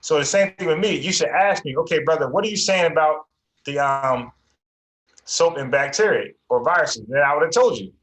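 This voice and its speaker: A man's voice: on the high side, brisk, a bit bright, echoey room, low-quality recording. A man hosting an online debate show, firm and insistent, repeating himself to make a point. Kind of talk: heated debate.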